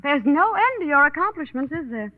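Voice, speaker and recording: Whiny spoiled heiress, old radio. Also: female voice, sits high, sing-song, a little fast. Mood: sarcastic. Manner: whiny, complaining, dramatic. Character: spoiled runaway heiress, young woman, petulant. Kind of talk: 1930s radio drama acting. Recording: tinny old radio broadcast.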